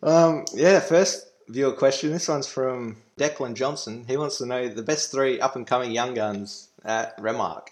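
A man's voice: medium pitch, measured pace, few pauses. A young Australian man co-hosting a casual podcast, telling stories and laughing often as he goes. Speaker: podcast co-host. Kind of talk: casual chat, storytelling.

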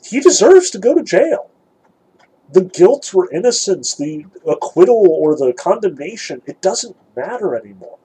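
A man's voice: sits high, very animated, moderate pace, warm tone, a little hiss or hum, rough recording. A man giving a thoughtful, emphatic lecture on a novel, reading passages aloud and picking them apart. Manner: thoughtful, emphatic, some restarts. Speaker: literature lecturer.

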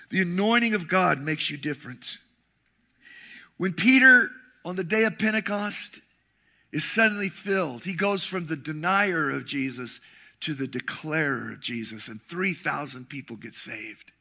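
A middle-aged man preaching a sermon with passion, swinging between shouting and hushed tones. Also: on the high side, unhurried, vocal fry. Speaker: pastor.

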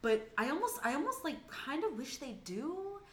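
A young adult woman co-hosting a casual podcast, recapping a show in an animated, profane way and acting out the characters' lines. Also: sits high, moderate pace. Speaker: podcast co-host recapping a TV episode. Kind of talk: casual chat. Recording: echoey room.

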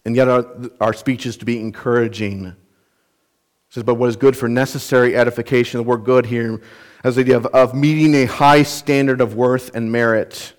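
A man's voice: mid-range voice, steady tone, normal speed. Earnest man preaching an expository sermon. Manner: earnest, emphatic, with rhetorical questions; explains word meanings and grammar of scripture. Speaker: pastor.

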